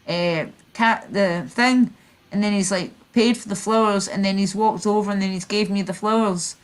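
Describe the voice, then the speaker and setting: A woman's voice: mid-range voice, fairly even intonation, normal speed. A Scottish woman streamer telling rambling stories in casual chat, full of fillers and restarts. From Scotland. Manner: rambling, filler-heavy storytelling.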